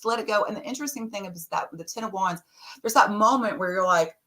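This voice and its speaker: A woman's voice: medium pitch, fast talker. A middle-aged woman guest on a podcast, telling stories casually and laughing often. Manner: warm storyteller, laughs often. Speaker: podcast guest, tarot reader. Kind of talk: casual interview talk.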